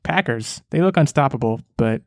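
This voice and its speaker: A man hosting a casual podcast, joking and rambling in an animated way. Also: medium pitch, normal speed, vocal fry, dry recording, studio quality. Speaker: podcast host.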